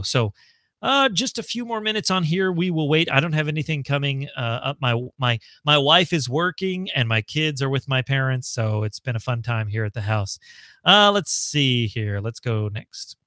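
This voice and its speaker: An American man hosting a relaxed live stream from his house, chatting his way through viewer questions. His voice is bright and forward, recorded close and dry with no room sound. He talks loosely, thinks aloud and fills pauses with ums and easy laughter. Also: mid-range voice, no echo. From United States. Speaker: livestream host. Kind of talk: casual live Q&A. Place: home.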